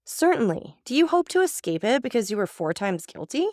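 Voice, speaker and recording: A woman's voice: fairly high pitch, very animated, fairly quick, a little mellow, no echo, clean studio sound, voice pushed up. A woman voicing a stern, cold-blooded male magistrate who speaks with contempt and accusation. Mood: accusing.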